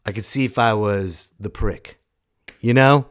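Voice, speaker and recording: A man in his thirties hosting his own podcast, talking loudly and casually in a rambling, jokey way with sudden shouted bits. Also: fairly low pitch, unhurried, clean tone. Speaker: podcast host. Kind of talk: casual solo podcast monologue.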